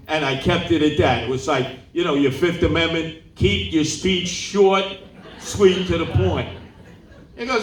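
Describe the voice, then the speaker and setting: A man's voice: on the high side, a little slow, far from the mic. New man in his 70s, spinning yarns. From New York City. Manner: animated storyteller who acts out quoted people. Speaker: political candidate at a town hall. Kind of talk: campaign town hall storytelling. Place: large indoor meeting room. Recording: roomy hall, voice off-mic.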